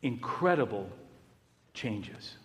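A man preaching a sermon, swinging from loud exclamations down to hushed, almost whispered words, with rhetorical questions and repeated storytelling lists. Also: fairly low pitch, sing-song, takes it slowly. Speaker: pastor. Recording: long hall reverb.

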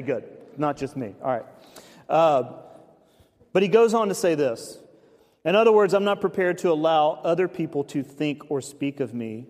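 Conversational male pastor in a reverberant hall. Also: fairly high pitch. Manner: conversational, animated, many fillers. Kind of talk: sermon. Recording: long reverb of a large hall.

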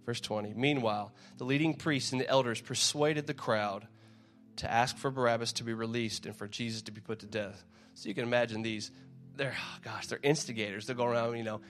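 A man's voice: mid-range voice, steady tone, fairly quick, faint music behind. A man preaching in a casual, conversational way, reading scripture aloud and often repeating his words as he goes. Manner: conversational, repeats words, acts out crowd shouts.

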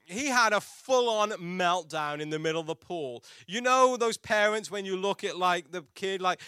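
A man's voice: sits high, normal speed, hardly any pauses, pushed and bright, smooth, dry recording, clean studio sound. A man preaching a sermon as a pastor, telling a personal story in a chatty, self-mocking way with frequent restarts.

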